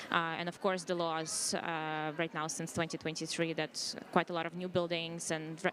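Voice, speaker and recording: A woman start-up founder answering panel questions, hesitant with many fillers. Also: fairly low pitch.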